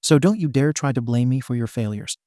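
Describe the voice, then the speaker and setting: A man's voice: medium pitch, animated, fairly quick, mellow, no echo, clean studio sound, close to an everyday voice. A man voicing a stern, proud older male hero who coldly dismisses his son in a fan fiction reading. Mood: dismissive. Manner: cold, dismissive, harsh.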